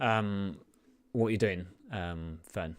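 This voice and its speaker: A man's voice: deep voice, slow, dry recording. A man running a tabletop game as game master, describing scenes in a hesitant way with many fillers.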